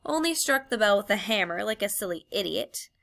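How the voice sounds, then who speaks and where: A woman's voice: mid-range voice, animated, brisk, creaky, fairly bright tone. Woman reading as a prim, sarcastic schoolgirl. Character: quick, indignant young British schoolgirl.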